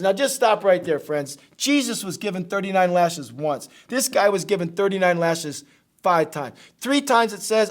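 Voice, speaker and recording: A man's voice: sits high, normal speed, fairly bright tone. A man preaching a sermon as pastor, telling stories and often calling his listeners friends. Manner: storytelling, repeats phrases, addresses listeners as friends. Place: church auditorium.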